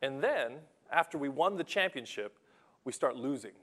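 A young adult man preaching a sermon in a conversational, animated way, telling stories from his coaching and acting out what people say. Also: mid-range voice, normal speed. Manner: conversational, animated storytelling with acted-out quotes. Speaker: pastor and basketball coach.

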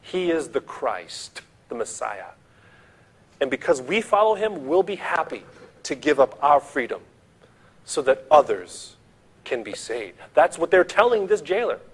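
A man's voice: a little high, big pitch swings, a little slow, breathy edge. A man preaching a sermon, retelling a story vividly and speaking straight to his listeners.

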